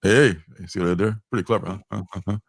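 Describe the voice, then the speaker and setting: A man's voice: fairly low pitch, racing, no echo, studio quality. A man hosting a comic book livestream, chatting casually, joking and rambling with frequent chuckles. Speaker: livestream host.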